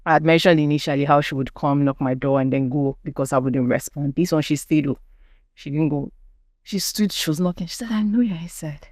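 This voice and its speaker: A woman's voice: low voice, a little fast, a little mellow, no echo. Nigerian woman telling her story. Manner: earnest storytelling, acts out quoted people. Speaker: podcast guest. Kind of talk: personal testimony in conversation.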